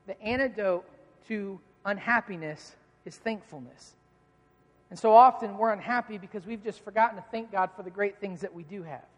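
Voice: mid-range voice, normal speed, long reverb tail. A pastor preaching a sermon, asking rhetorical questions and answering them, repeating key lines for emphasis.

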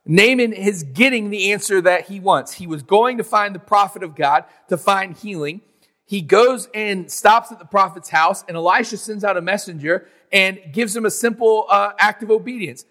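A man's voice: high voice, lively intonation, a little slow, a bit bright, big-room sound. A man preaching a sermon in a conversational way, acting out biblical figures in modern slang. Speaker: pastor.

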